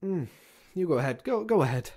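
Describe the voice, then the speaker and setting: A woman voicing a motherly, sentimental operating system inside a phone in a video game, speaking in a slow, doting way. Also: on the low side, very animated, mellow. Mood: emotional. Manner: slow, doting, easily moved.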